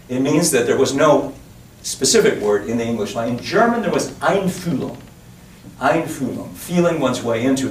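A man giving a public lecture in a digressive, chatty way, full of asides and restarts. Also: medium pitch. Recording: roomy echo, distant mic, faint hiss.

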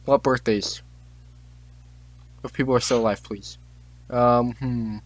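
A man's voice: mid-range voice, fairly even intonation, slow pace, no echo. A teenage boy hosting a casual chat, reading out on-this-day facts, tripping over names and tossing in joking asides. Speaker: podcast host.

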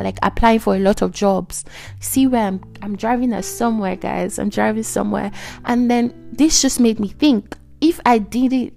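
A young woman in her twenties talks through a personal faith testimony on her podcast, her voice sitting at an ordinary middle pitch. She is chatty and emotional, looping back on her words with plenty of fillers. Soft music plays faintly underneath. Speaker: podcast host.

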